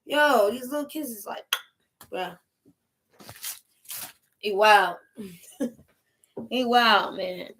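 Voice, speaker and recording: A middle-aged woman hosts a casual livestream. Her voice sits high and bright, and she talks at an unhurried pace. She is loud and animated, laughing easily and sometimes breaking into a shout. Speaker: livestream host.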